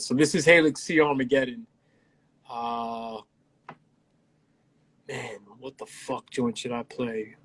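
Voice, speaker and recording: Laid-back profane music producer guest. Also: male voice, mid-range voice, flat delivery, takes it slowly, long pauses. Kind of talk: casual livestream chat. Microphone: livestream.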